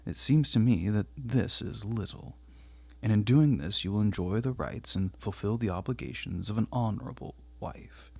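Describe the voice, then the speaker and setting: Cold, rigid middle-aged husband, voiced by a male audiobook reader; husky, low, formal and emphatic. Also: moderate pace, a little mellow, dry recording. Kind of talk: audiobook character reading.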